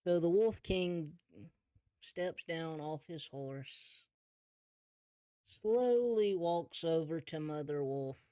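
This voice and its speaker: A male game master narrating a tabletop role-play, relaxed and unhurried. He tells the story casually and adds asides to the players. The recording is dry and close. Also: fairly high pitch, clean tone, no room sound.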